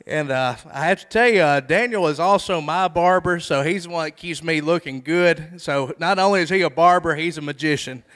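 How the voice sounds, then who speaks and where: A man's voice: a little high, brisk, hardly any pauses, fairly bright tone, long reverb tail. A male host introducing the next contestant on stage in a casual, upbeat way.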